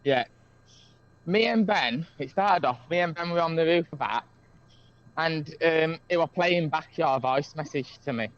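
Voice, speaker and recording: A man's voice: fairly high pitch, unhurried, a bit bright, lo-fi sound. A man tells a long story in casual chat over a video call. He rambles, with many fillers and restarts. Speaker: guest caller.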